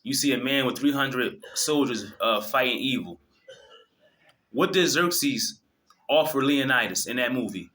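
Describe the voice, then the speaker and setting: A video host delivers a fervent, preachy monologue to his viewers, cursing freely and restarting his sentences again and again. His voice is medium-pitched and sharp, moving at a normal speed.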